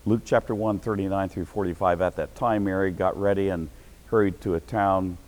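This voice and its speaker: A middle-aged man preaching a sermon as pastor, breaking into sudden shouted bursts of excitement. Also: low-pitched, normal speed, rough recording.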